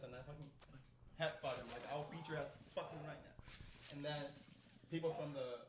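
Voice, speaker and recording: A comedian guest, a young Chinese man whose first language is Chinese, recounts a story animatedly and profanely, with many restarts. His voice is a little high and fairly quick, with long pauses and background noise.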